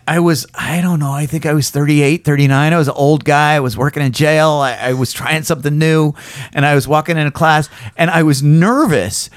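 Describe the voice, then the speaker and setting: Hoarse man hosting a chatty podcast. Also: fairly high pitch, no room sound. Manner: rambling, self-deprecating, swears casually. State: hoarse, frog in throat. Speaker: podcast host. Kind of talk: casual podcast chat.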